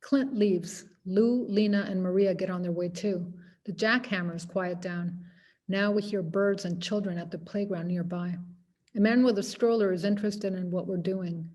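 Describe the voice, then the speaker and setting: A woman's voice: mid-range voice, fairly even intonation, moderate pace, darkish tone. Woman giving a wry poetry reading. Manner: wry, conversational narration with quoted voices. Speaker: poet reading her work.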